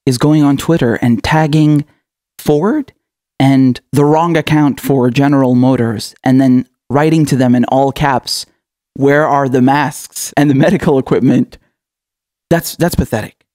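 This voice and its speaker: A man's voice: medium pitch, fairly even intonation, a little slow, dark tone, no echo, clean studio sound. A man giving sarcastic political commentary, mocking and taunting his listeners with rhetorical questions and frequent laughs.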